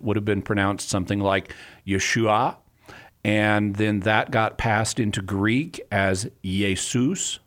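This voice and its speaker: Male radio expert, lowish voice, patient explainer, call-in show. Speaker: radio show guest expert answering callers.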